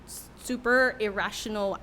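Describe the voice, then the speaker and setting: A woman's voice: mid-range voice, fairly even intonation, normal speed, bright, forceful tone, a little hiss or hum. A young adult woman, a worship leader who is a podcast guest, telling a candid, emotional story with many fillers in a casual interview.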